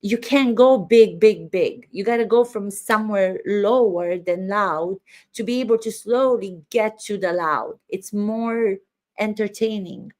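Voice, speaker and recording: A woman's voice: mid-range voice, a little slow. A woman acting teacher commenting on court footage, stressing words emphatically as she talks.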